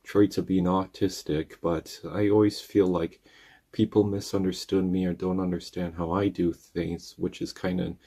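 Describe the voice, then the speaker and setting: A man's voice: sits low, flat delivery, moderate pace, mellow, breathy edge. A man in his thirties giving a casual, earnest movie review, retelling the plot in long rambling strings of "and then". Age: 30s. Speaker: channel host reviewing a movie.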